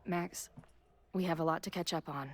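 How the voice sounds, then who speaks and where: A woman's voice: fairly low pitch, steady tone, moderate pace, no room sound, natural voice. An actress voicing a blunt, offhand young woman in a video game who sounds worn out. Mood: weary. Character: tired, blunt young woman, a returned best friend.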